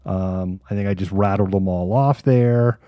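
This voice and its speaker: A man's voice: deep voice, unhurried, no room sound, muffled recording. A man hosting a casual live news chat, sardonic and rambling. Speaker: host.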